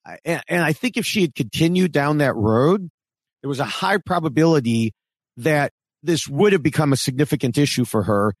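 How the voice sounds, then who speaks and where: A man with a slightly higher voice co-hosts a podcast in relaxed conversation. He becomes animated when he quotes others, and the sound is dry and close. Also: moderate pace, no echo. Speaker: podcast co-host. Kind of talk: casual podcast discussion.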